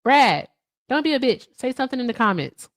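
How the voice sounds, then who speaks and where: Animated woman chatting on a livestream. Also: fairly high pitch, a little fast, no room sound. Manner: animated, swears freely, talks to viewers in chat. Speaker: livestream host. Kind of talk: casual livestream chat.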